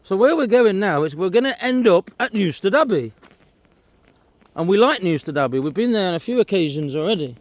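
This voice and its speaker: A man's voice: sits high, big pitch swings, fairly quick, no room sound. A man giving casual walking commentary to camera outdoors, pointing out sights as he goes. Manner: chatty, pointing things out while walking outdoors. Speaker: walking vlogger. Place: outdoors on a disused railway trail.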